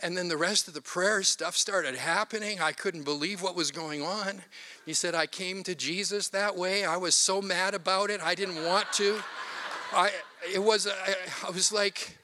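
A man's voice: high voice, a little slow, sharp tone, a little hiss or hum. A man preaching a sermon, animatedly retelling a story with quoted voices. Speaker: pastor.

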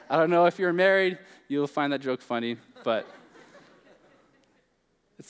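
A man's voice: a little high, smooth, long reverb tail. A young man preaching a sermon as pastor, in a casual, joking, conversational way.

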